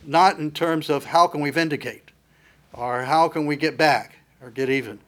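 A man's voice: on the high side, normal speed, a bit bright. A man preaching a sermon in an earnest, emphatic teaching manner, with frequent fillers and restarts.

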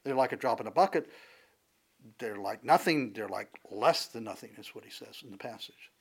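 Man, pastor, verse-by-verse sermon, halting and conversational, lots of fillers, mid-pitched. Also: expressive, husky. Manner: conversational, halting with many fillers and restarts, rising in emphasis on scripture. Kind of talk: expository sermon.

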